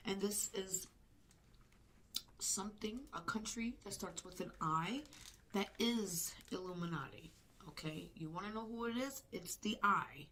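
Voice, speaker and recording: A woman co-hosting a live stream reaction, talking intensely and emotionally, often sinking into a hushed whisper. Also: medium pitch, unhurried, a little hiss or hum.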